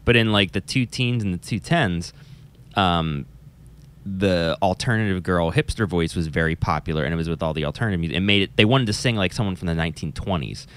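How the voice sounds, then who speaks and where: Low-voiced man chatting animatedly. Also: a little fast, clear, resonant tone. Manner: animated, swears casually, mimics voices. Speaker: podcast co-host, music teacher. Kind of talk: casual chat.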